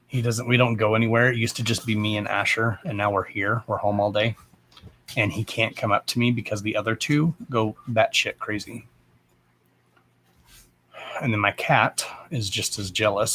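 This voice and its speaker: A man's voice: lowish voice, pushed and bright, a little hiss or hum. A man hosting a casual live stream, talking bluntly and with plenty of swearing, and breaking off to speak to his dogs. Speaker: live-stream host and dog owner.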